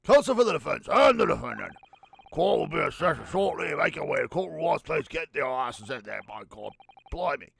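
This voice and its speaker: A gruff, gravelly court bailiff barking orders in a put-on English accent, voiced by a man. The voice sits a bit high and swings widely. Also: big pitch swings, brisk, a bit bright, heavily acted.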